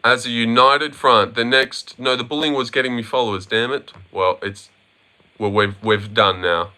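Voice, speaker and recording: A man's voice: medium pitch, fairly even intonation, normal speed, bright, forceful tone, smooth. A young man hosting a casual livestream, reading viewer comments, joking and swearing as he banters with his chat. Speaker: livestream host reacting to viewers.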